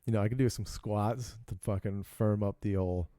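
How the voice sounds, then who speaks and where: A man's voice: on the low side, steady tone, moderate pace, mellow, no room sound, studio quality. A man co-hosting a podcast, a stand-up comic chatting casually, teasing his partner and swearing freely. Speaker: podcast co-host; stand-up comedian. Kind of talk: casual comedic chat.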